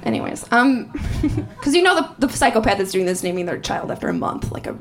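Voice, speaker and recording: High-voiced woman doing animated stand-up. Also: fairly quick, a crowd in the background. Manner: animated, laughing storyteller with sudden high squeals. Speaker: stand-up comedian. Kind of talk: stand-up comedy set.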